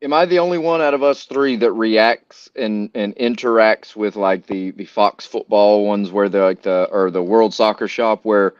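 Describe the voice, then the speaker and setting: A man's voice: on the low side, steady tone, moderate pace, hardly any pauses, clean tone, dry recording. A man hosting a casual sports talk show, telling rambling, profane stories. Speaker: podcast host. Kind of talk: casual chat. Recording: dull, dry lo-fi sound.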